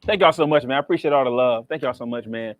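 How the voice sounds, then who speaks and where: A man's voice: medium pitch, quick pace, highs cut off, background noise. A man performs spoken word poetry as the featured poet at a library reading, with a rhythmic, preacher-like cadence and joking banter between poems.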